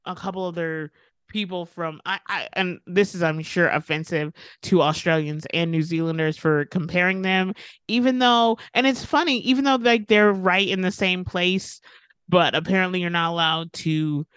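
A woman's voice: lowish voice, fairly even intonation, normal speed, fairly bright tone, smooth, dry recording, studio quality. An American woman co-hosting a casual podcast about TV shows, chatty, with frequent laughs, fillers and restarts. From United States. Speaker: podcast co-host.

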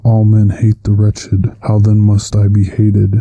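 A man's voice: fairly low pitch, completely flat delivery, measured pace, warm tone, dry recording. A man voicing a huge, anguished male creature who speaks in solemn, archaic formal language. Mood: bitter.

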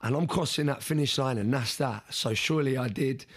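Husky man telling a race story. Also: mid-range voice, fairly quick. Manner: animated, repeats words and restarts, mimics others in the story. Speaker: interview guest. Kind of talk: casual storytelling in an interview.

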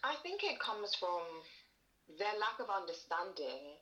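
A woman's voice: mid-range voice, big pitch swings, measured pace, bright, forceful tone, dull audio. A young woman speaking candidly in a casual conversation, acting out the lines of people she talks about. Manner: candid storytelling with reenacted quotes. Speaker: guest.

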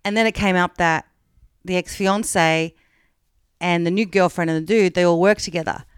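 A woman's voice: on the low side, steady tone, normal speed, smooth, dry recording, clean studio sound. An Australian woman on a podcast, casually retelling a true-crime story in a frank, chatty way with plenty of fillers. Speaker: podcast co-host.

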